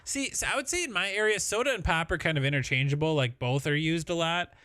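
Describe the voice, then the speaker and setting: A man with a Midwestern accent chats casually on a live stream, rambling, laughing and swearing freely as he talks. His voice is a little high, quick and sharp yet clear and resonant, in a dry recording with clean studio sound.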